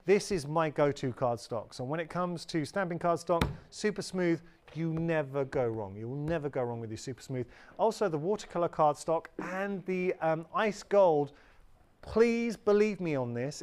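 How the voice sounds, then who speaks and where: A man's voice: on the high side, expressive, normal speed, darkish tone. A British man presenting on a live shopping channel in a chatty, upbeat way, often correcting himself. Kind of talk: live TV sales pitch. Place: TV studio.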